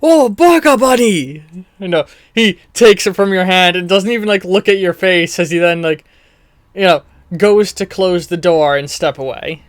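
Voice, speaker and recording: Bright-voiced man running a tabletop game. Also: high voice, steady tone, moderate pace, clean tone, no echo, studio quality. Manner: loose, chatty, laughs at his own jokes. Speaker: game master.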